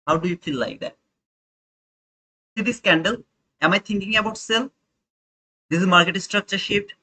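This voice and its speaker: A young man hosts a trading livestream, talking loosely to the chat and going over the same points again. He has a high, bright voice with a forceful tone, captured on a low-quality recording.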